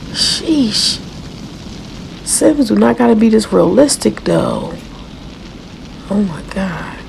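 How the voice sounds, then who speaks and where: A young woman with commentates her own gameplay in a loud, reactive way, exclaiming and laughing as she goes. Her voice has a gravelly fry, and she talks at an unhurried pace. A faint hiss of noise sits under the recording. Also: fairly high pitch, rough recording. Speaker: gaming channel host.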